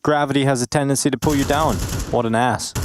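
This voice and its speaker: A man's voice: medium pitch, background noise. A man co-casting a competitive game live, teasing his partner with dry humor between play calls. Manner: dry, teasing co-caster banter. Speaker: esports caster. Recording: broadcast with loud game sounds behind.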